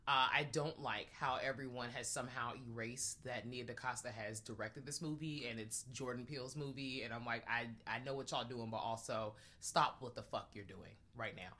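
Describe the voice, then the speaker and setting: A young adult woman co-hosting a casual movie review chat, animated and breaking into loud acted-out reactions. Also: rumbling low. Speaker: podcast co-host.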